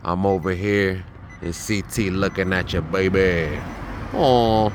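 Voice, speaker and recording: A man's voice: low-pitched, slow pace, a little hiss or hum. Rambling man vlogging outdoors. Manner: relaxed, rambling, many fillers. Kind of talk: casual vlog to camera. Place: outdoor park by the water.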